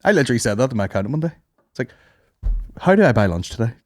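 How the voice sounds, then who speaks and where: A podcast host with a medium-pitched, darkish, sing-song voice tells comic stories at a rapid-fire clip. His banter is casual and sweary, and he laughs often.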